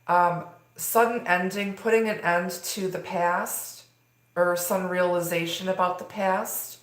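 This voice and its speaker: Low-voiced woman tarot reader, echoey room. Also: fairly even intonation, slow. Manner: rambling, filler-heavy delivery. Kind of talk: live tarot reading stream.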